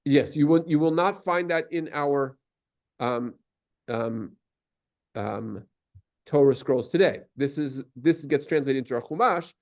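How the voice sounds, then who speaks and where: A man's voice: on the high side, measured pace. A man teaching a class, explaining at length with many fillers and restarts and taking questions.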